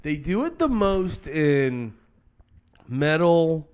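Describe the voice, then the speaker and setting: A man's voice: on the high side, very animated, drawn-out words, a little mellow, smooth. A man co-hosting a casual music podcast, ranting his opinions bluntly and with swearing. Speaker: podcast co-host.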